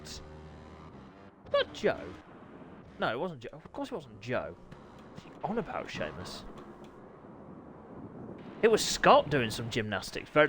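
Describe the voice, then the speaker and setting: A man hosts and commentates a racing game stream from his desk mic, joking with his riders. His voice sits high and leaps wildly, spiking into yelps when something happens on track. A faint background hiss runs under the recording. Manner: excitable, jokey, bursts into yelps and laughter. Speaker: race league host and streamer. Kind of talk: live race commentary and chat.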